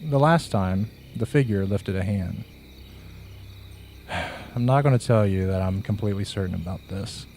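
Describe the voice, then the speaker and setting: A man narrating a first-person horror story in a slow, measured, hushed way. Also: on the low side, slight background noise.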